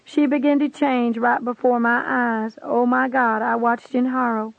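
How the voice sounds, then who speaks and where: A woman's voice: a little high, little pitch movement, a little slow, gravelly, dry recording. A woman earnestly reading aloud a dramatic vision testimony. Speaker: reader of a religious testimony. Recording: tinny phone-like lo-fi recording.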